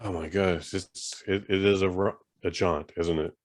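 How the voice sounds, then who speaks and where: A man's voice: deep voice, steady tone, normal speed, no echo, studio quality. A man in his forties co-hosting a podcast, rambling in casual chat and swearing now and then. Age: 40s. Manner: rambling, swearing, self-interrupting. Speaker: podcast co-host.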